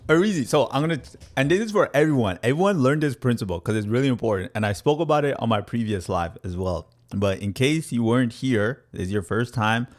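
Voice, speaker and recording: A man's voice: medium pitch, brisk, few pauses. A young man hosting a casual crypto livestream, chatty and playful as he answers viewers. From Canada. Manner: energetic, chatty, playful with viewers, laughs often.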